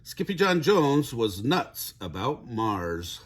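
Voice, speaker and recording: A man's voice: medium pitch, very animated, slow pace. An older man reading a children's storybook aloud, chuckling now and then. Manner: chuckles while reading, occasional stumbles.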